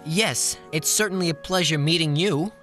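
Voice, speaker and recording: A woman's voice: sits low, moderate pace, a bit bright, soft background music. A woman voicing a cocky teenage boy who cracks sarcastic jokes. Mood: joking. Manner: sarcastic, joking.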